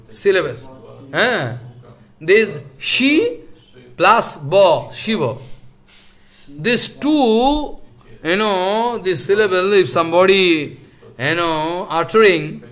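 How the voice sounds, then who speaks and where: High, bright-voiced man lecturing slowly. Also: expressive. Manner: halting speech with many fillers and repetitions; chants verses slowly. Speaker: spiritual lecturer. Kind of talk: scripture lecture.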